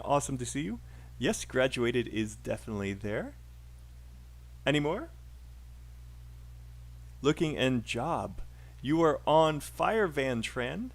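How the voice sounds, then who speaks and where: A man with a British accent teaching a live online English pronunciation class, upbeat and encouraging with frequent fillers. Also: medium pitch.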